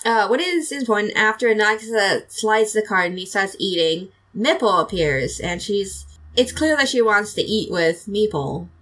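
A woman's voice: medium pitch, lively intonation, moderate pace, few pauses, a bit bright, poor audio. A woman hosting a casual podcast, chatty and giggly, rambling through an episode recap with plenty of fillers. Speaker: podcast host.

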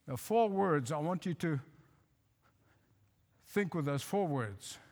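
A male pastor preaching a sermon, emphatic, repeating phrases and slowing to stress lines. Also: a little high, expressive, darkish tone. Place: church. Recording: hall reverb.

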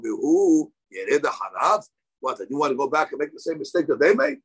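Husky, animated male Talmud teacher. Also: fairly high pitch, fairly quick, poor audio. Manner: reads Aramaic lines, then explains them in English; animated, rising sharply on key points. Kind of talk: daily Talmud class lecture. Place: class with live students.

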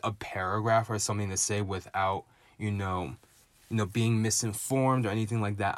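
A man's voice: lowish voice, no echo. A man giving an impassioned, frustrated monologue, often stopping to ask "right?". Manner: frustrated, emphatic, keeps asking "right?".

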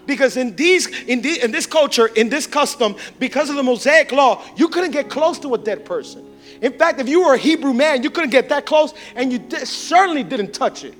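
A male pastor giving a sermon, swinging between impassioned shouts and hushed, intimate tones. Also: very high voice, animated, fairly quick, soft background music.

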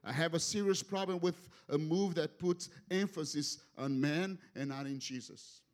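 A man preaching a sermon, passionate and animated, often repeating words as he presses a point. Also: fairly high pitch, moderate pace. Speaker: guest preacher. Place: church sanctuary.

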